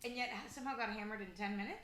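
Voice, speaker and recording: A young adult woman co-hosting a podcast, reacting to a story in casual chat with quick interjections. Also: mid-range voice, fairly bright tone, echoey room. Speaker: podcast co-host.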